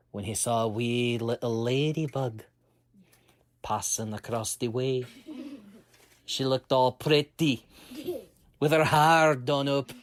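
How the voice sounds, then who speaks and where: Slow, playful male storyteller. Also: medium pitch, a little hiss or hum. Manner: playful, often laughing. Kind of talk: children's bedtime story.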